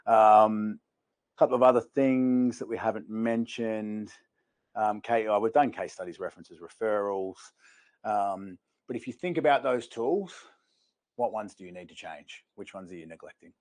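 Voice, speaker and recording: A man's voice: on the low side, moderate pace, dry recording. A man running a recruitment sales workshop, telling stories energetically to the room. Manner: energetic storyteller, addresses the room. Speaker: sales trainer. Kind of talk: training workshop talk.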